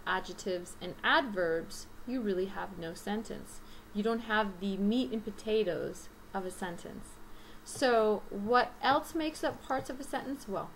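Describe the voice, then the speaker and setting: Woman teaching English slowly. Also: medium pitch, a little hiss or hum, rough recording. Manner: slow, deliberate, listing items one by one. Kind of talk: recorded grammar lesson.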